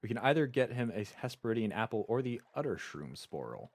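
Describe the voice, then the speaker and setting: A man's voice: medium pitch, sing-song, fairly quick, darkish tone, dry recording. A man streaming a game live, reading its story text aloud and chatting casually with frequent stammered restarts.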